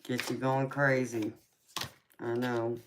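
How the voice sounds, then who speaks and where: Against a noisy background, a Southern US woman with a very deep, level voice reads tarot in a casual live chat, speaking slowly, laughing a lot and calling listeners "baby."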